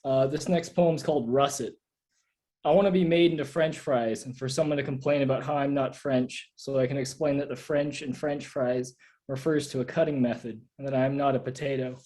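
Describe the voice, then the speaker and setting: A man reading his own absurd poems aloud at a live reading, in a deadpan way. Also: medium pitch, brisk, low-quality recording. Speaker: poet reading own work.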